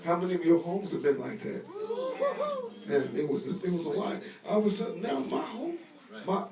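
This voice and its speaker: A man teaching a Bible lesson to a live audience in a lively sermon style, talking conversationally, acting out scenes, and leading call-and-response. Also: sits high, normal speed, a loud crowd. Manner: conversational, acts out scenes with voices. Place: room at a live gathering. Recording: echoey live room audio, voice distant.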